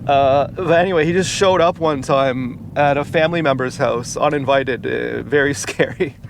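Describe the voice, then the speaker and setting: A man telling a personal story in a casual vlog, rambling and halting, with many fillers and restarts. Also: mid-range voice, vocal fry. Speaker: vlogger. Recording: noisy outdoor street recording. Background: car and street noise.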